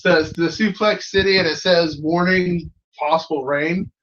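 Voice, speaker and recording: A man's voice: on the high side, fairly even intonation, unhurried, fairly bright tone, dull audio. A man co-hosting a casual review chat, joking and laughing often. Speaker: co-host.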